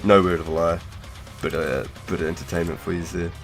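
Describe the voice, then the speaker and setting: A young man with a New Zealand accent talks to his live-stream viewers in a deep, low voice. He is laid-back and slangy and swears freely. Faint music plays quietly behind him. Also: little pitch movement, fairly quick. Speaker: game streamer. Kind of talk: casual live-stream chat.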